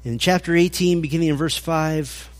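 Man, pastor, preaching, slightly high voice, reads scripture, dry irony. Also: normal speed. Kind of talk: expository sermon.

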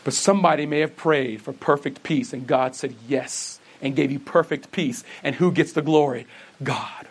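A man's voice: fairly high pitch, normal speed, slightly rough. A man preaching a sermon, earnest, posing questions and answering them himself, who says he stutters and often restarts words. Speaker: pastor.

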